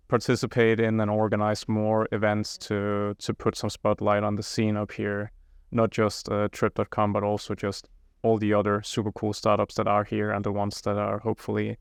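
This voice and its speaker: A man's voice: on the low side, clean tone, no echo, studio quality. A young man, a startup founder, answering interview questions at length in a casual, rambling way with frequent restarts. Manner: rambling, many restarts and fillers.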